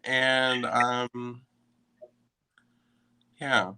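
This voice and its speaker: Bright-toned playful man co-host. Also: mid-range voice, very slow, clear, resonant tone, no echo, poor audio. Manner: playful, animated teasing. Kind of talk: casual chat.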